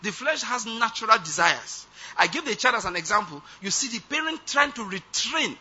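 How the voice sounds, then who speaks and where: High, tense preacher, husky. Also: male voice, very animated, normal speed, sharp tone. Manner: emphatic, repeatedly checks the audience follows. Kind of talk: sermon. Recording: dull lo-fi recording.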